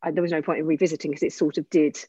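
Lively woman with an Essex accent. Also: low voice, rapid-fire, slightly rough, no echo, muffled recording. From Essex, England. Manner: animated, self-interrupting, laughing storyteller. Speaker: actor and voice coach. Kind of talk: casual conversation.

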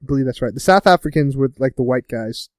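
A man casually recapping a TV episode with a co-host, laughing often and putting on quick voices for the characters. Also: mid-range voice, lively intonation, no room sound, clean studio sound. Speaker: podcast co-host.

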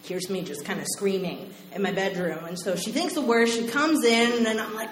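A woman from Oklahoma telling a personal story to a live audience, animated and acting out voices. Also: medium pitch, moderate pace, few pauses, crowd noise. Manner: animated, acts out voices and laughs. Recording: roomy live venue, faint noise.

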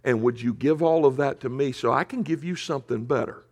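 A male pastor preaching in a conversational storytelling way, often dropping to a hush for emphasis. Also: mid-range voice, fairly quick. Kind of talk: sermon storytelling.

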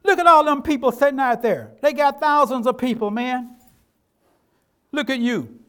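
A preacher voicing a mocking, taunting devil. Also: male voice, extremely high pitch, normal speed, fairly bright tone, smooth, pitched above the performer's own voice. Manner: mocking, goading. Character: sneering male devil, taunting and accusing.

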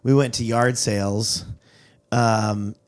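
A man guesting on a comedy chat, telling bits in a rambling, halting way with many restarts. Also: lowish voice, steady tone.

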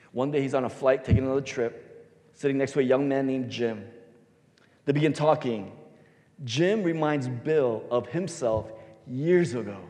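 A man pastor giving a sermon, telling a story and swinging his voice between loud and soft for emphasis. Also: medium pitch. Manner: storytelling, varies loudness for emphasis. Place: church sanctuary. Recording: long hall reverb.

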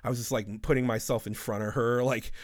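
A man's voice: mid-range voice, steady tone, brisk, no echo, studio quality. A man in his thirties telling rambling, profane stories in a casual podcast chat.

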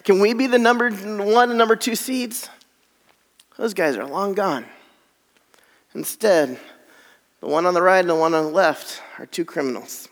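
High-voiced man preaching in a reverberant hall. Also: animated, normal speed, long pauses. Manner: reads scripture aloud with dramatic drops to near whispers. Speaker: pastor. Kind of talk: sermon.

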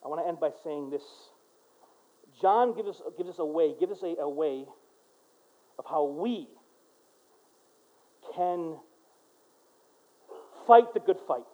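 A male pastor preaching a sermon, dropping to a quiet voice for prayers and rising to loud, emphatic exhortation. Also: fairly high pitch, lively intonation, slow, long pauses, highs cut off.

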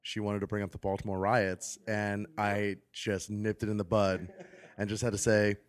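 A man's voice: on the low side, little pitch movement, moderate pace. A man co-hosting a podcast, chatting in an easygoing, wry way. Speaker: podcast co-host. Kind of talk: casual chat.

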